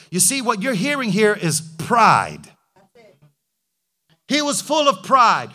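High-voiced, emphatic preacher. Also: male voice, big pitch swings, slow, long pauses, sharp tone. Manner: emphatic, rhetorical, calls for amen. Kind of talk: sermon.

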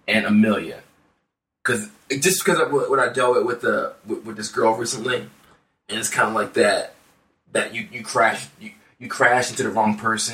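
A man's voice: lowish voice, a bit bright, reverberant, distant mic. A man talks through songs in a loose, rambling way, his words full of fillers and restarts. He sits a little back from the mic, and the room around him rings. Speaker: podcast co-host. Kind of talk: casual music chat.

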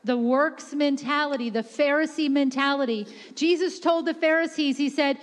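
A woman's voice: high voice, fairly even intonation. A woman preaching a sermon with passion, shifting her voice to act out the quotes she tells. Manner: impassioned, quick-shifting, voices God and the Pharisees in quotes. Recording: echoey hall reverb.

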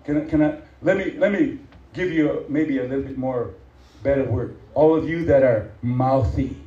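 A male preacher telling a story in a sermon, chatting along, acting out the quotes and building to shouted points. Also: mid-range voice, moderate pace. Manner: conversational, acts out quotes, builds to shouted emphasis. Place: church hall. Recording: echoey hall from far off, dull.

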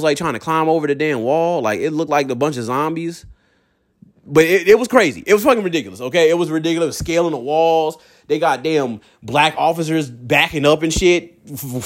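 Profane young man ranting casually. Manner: profane, animated, mimics people in high voices; drops to low, slow tone when serious. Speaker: vlogger.

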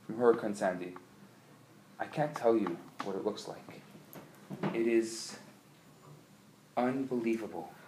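A man's voice: medium pitch, reverberant, background noise. A man giving an inspirational sermon at a convention, telling a story with frequent restarts and building to emphatic appeals. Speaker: speaker at a religious convention.

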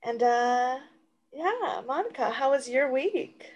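A woman's voice: high voice, expressive, slow, darkish tone, highs cut off. A young woman co-hosting a casual podcast, chatting and telling stories with lots of fillers. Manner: chatty storyteller, many fillers. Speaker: podcast co-host. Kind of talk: casual chat.

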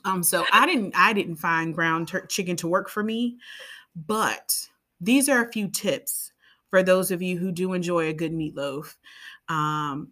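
A woman's voice: on the low side, a bit bright. A woman co-hosting a podcast in a casual, chatty way, rambling into side tangents and playful asides. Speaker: podcast co-host. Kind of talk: casual chat.

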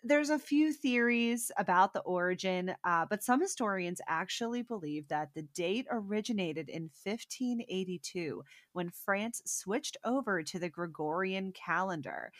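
A young adult woman co-hosting a casual chat podcast, telling stories in an animated, profane way with emphatic bursts. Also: on the low side, no room sound, clean studio sound. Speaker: podcast co-host.

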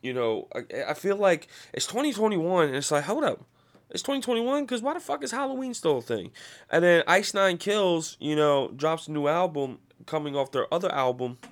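A man's voice: a little high, big pitch swings, moderate pace. A man hosting a podcast, ranting casually with heavy swearing and a rambling flow. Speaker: podcast host. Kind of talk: casual profane rant.

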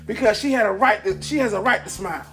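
Excited man giving a casual pep talk. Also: high-pitched, fast, faint music behind. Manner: upbeat, excited, rambling with many fillers. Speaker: podcast host. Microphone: camera mic.

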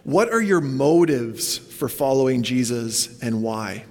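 A man's voice: medium pitch, animated, takes it slowly, darkish tone, long reverb tail. A man preaching a sermon in a church, talking casually and putting questions to the congregation. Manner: conversational, asks the congregation questions, goes off on tangents. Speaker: pastor.

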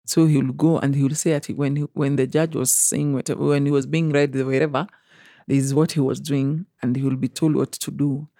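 Young Kenyan woman, guest storyteller, warm mellow voice, dry close sound, lively quoted voices. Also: extremely low pitch, moderate pace, no room sound. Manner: animated, acts out quoted voices, mixes in Swahili. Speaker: interview guest. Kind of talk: emotional personal storytelling.

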